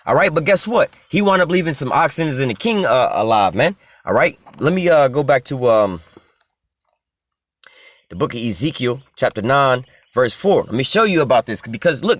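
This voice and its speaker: Street preacher dude cussing nonstop, rapid fire, kinda high voice, dry sound. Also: male voice, fairly bright tone, dry recording. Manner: heavy cursing slang, ends phrases with "man"; reads scripture slowly, stalls on filler sounds. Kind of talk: profane street sermon with scripture reading.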